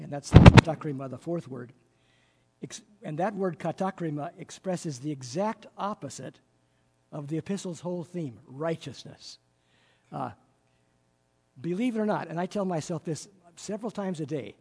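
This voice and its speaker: Husky, mellow man teaching a Bible class. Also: on the high side, moderate pace. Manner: explanatory, enthusiastic, with frequent fillers. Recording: reverberant room.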